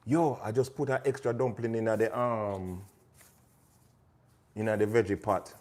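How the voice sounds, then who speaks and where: A man's voice: fairly low pitch, fairly even intonation, unhurried, a little mellow. A man hosting a casual cooking livestream, chatting to viewers by name while he cooks in a kitchen. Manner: chatty, talks to viewers by name, pushes his cookbook. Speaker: chef and host.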